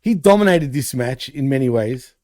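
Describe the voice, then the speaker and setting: A man's voice: mid-range voice, lively intonation, normal speed, a crowd in the background. Laughing, swearing male podcast co-host. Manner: laughs a lot, swears, says man. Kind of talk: casual wrestling recap chat.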